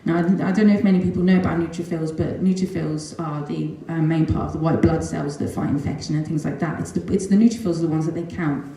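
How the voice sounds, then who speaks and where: A middle-aged woman tells a personal story with earnest, animated feeling, scattering ums and small nervous laughs. Her voice is on the lower side and mellow. The recording carries heavy, roomy echo. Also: fast, few pauses. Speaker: mother giving a testimonial. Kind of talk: emotional personal storytelling talk. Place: large echoey room at a talk event. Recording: very echoey room.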